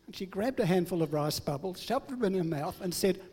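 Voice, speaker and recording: A man's voice: high-pitched, animated, brisk, warm tone, husky, long reverb tail. Older man preaching with humor. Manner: humorous, self-deprecating storytelling. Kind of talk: sermon.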